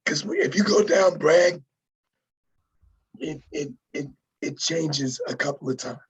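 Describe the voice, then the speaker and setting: A man co-hosting a podcast, chatting casually and haltingly, repeating words. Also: on the high side, husky. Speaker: podcast co-host. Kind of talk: casual interview chat.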